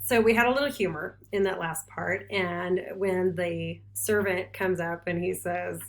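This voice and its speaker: A middle-aged woman teacher casually retelling a play scene for her students, briefly putting on quick voices for the characters. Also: lowish voice, steady tone, gravelly. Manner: chatty, paraphrases characters in quick put-on voices.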